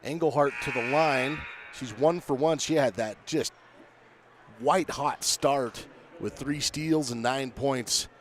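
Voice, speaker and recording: A man doing color commentary for basketball, relaxed and conversational as he breaks down play like a coach. His voice is mid-pitched, with faint noise behind it. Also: takes it slowly. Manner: conversational, coaching-minded, talks to his partner. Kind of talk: relaxed game analysis.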